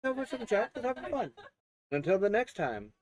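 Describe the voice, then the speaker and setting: A man giving a casual, rambling game review with many fillers and restarts. He coughs and keeps clearing his throat. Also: sits high, sing-song, moderate pace.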